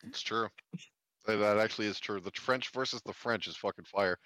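Man, young adult, laid-back chat, low pitch, bright edge, dry sound. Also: brisk, no echo. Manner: laid-back, laughs often, swears. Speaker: friend in group chat. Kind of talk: casual chat.

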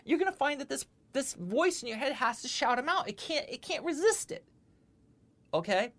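Lecturing on spiritual matters and answering questions, this woman speaks in a high-pitched voice at a moderate pace. Her delivery is animated, full of repeated words, and punctuated by frequent "okay?" checks; she is a spiritual teacher.

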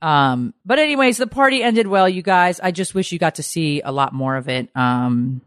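Animated storytelling woman, dry mic. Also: normal speed, clean tone, dry recording. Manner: animated storyteller, swears, jumps high for quoted lines. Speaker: podcast co-host. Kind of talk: casual chat.

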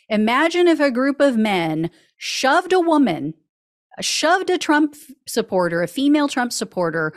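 A woman hosting a podcast, reading a scripted case update and breaking into sarcastic, indignant commentary. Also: mid-range voice. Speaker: podcast host.

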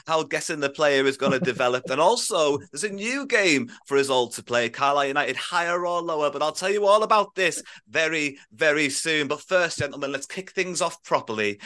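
An upbeat man hosts a casual football podcast chat with a bright, forceful tone. He sits a little high in pitch for a man and laughs often between lines. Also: lively intonation, a little fast, hardly any pauses. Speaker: podcast host.

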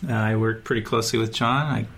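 A man's voice: on the low side, fairly even intonation, quick pace, a bit bright. A man on a podcast, speaking as a developer in a matter-of-fact way. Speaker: software developer. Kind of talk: casual podcast chat.

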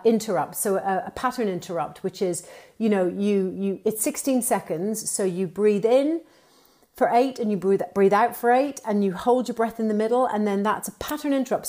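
Upbeat animated woman guest. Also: mid-range voice, moderate pace. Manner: animated, upbeat storytelling with playful quoted voices. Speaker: guest, TV presenter and author. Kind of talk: conversational podcast interview.

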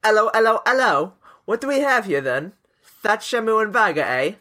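A man putting on a Cockney accent to voice a blustery middle-aged English gentleman, mock-pompous and laughing through it. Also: high voice, expressive, moderate pace. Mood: mock-stern. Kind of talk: podcast banter.

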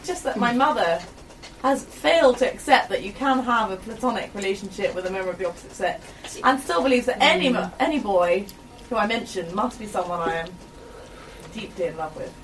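A young woman co-hosting a casual radio chat, wry and quick. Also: mid-range voice, expressive, a bit bright. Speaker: radio show co-host.

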